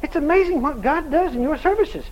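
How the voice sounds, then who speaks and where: A jittery small-church preacher, put on by a man telling the story nags on and on. The voice sits very high and moves a lot. He pleads and repeats himself in circles. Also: expressive, fairly quick, dull audio, a little hiss or hum. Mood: earnest. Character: anxious middle-aged male country preacher.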